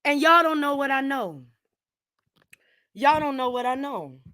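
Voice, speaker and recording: A woman hosting her channel, ranting angrily at someone. She repeats herself, swears, and swings from low muttering to shouting. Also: expressive, unhurried, no room sound. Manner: swears freely, addresses viewers directly. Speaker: channel host. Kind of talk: heated direct-to-camera rant.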